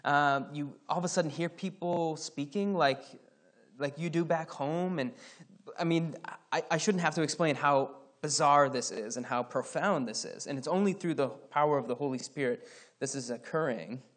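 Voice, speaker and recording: A man from Scotland teaches through a Bible passage in a relaxed, conversational way, with a voice pitched a little high. He mixes fillers and asides with passages he reads aloud. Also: normal speed.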